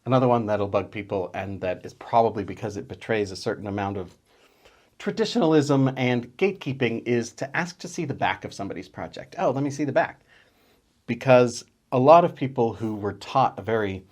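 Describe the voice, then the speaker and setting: Man, low voice, casual host, chatty explainer, wry asides. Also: brisk. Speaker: channel host. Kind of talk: casual explainer talk to camera.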